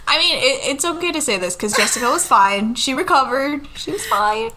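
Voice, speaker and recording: A woman's voice: sits high, very animated, normal speed, noisy background. A woman co-hosting a casual chat, blunt, swearing freely and laughing often.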